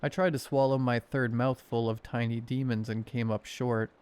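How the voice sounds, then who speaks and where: Male horror narrator, sardonic, mid-pitched, smooth resonant voice. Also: steady tone, moderate pace, a little mellow. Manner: wry, sardonic storytelling. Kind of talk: horror story narration for sleep.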